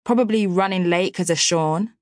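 A woman narrator voicing a dry, catty young male best friend in an audiobook, in a low, wry tone. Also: normal speed, a little mellow, no room sound, natural voice. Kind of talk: audiobook character voice.

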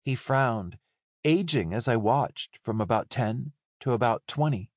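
A man narrating a first-person audiobook in a calm, measured storytelling manner. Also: medium pitch, no room sound, clean studio sound.

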